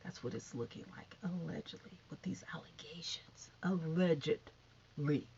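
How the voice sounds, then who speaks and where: A middle-aged woman giving chatty, sassy gossip commentary, sometimes dropping to hushed asides. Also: deep voice, normal speed, vocal fry, whispered, muffled recording. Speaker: commentary vlogger.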